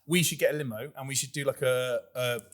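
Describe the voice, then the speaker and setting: A man's voice: mid-range voice, fairly even intonation, fast talker, fairly bright tone. A young man co-hosting a podcast, rambling through crude, sweary stories and laughing often. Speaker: podcast co-host. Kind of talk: crude casual banter.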